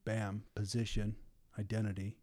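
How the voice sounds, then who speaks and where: A man leading a casual Bible study, reading scripture slowly and acting out biblical figures in lively everyday speech. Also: fairly low pitch, dry recording, studio quality. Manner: reads scripture slowly and deliberately.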